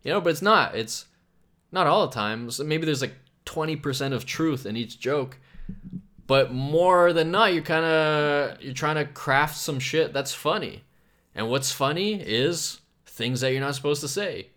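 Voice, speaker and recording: A young man hosting a comedy podcast, talking alone in a rambling, profane way, swinging between loud bursts and low mumbles. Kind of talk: casual solo podcast rant.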